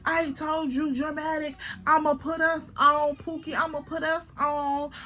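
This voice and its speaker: Woman playing a high bright party girl, hyped, chanting. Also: little pitch movement, unhurried. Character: attention-loving young woman hyping a crowd.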